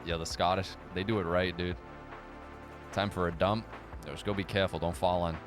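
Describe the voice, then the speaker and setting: A man's voice: deep voice, fairly even intonation, over music. Profane sarcastic male livestream host. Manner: profane, sarcastic, fast banter. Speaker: livestream host reading viewer chat. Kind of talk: casual live chat.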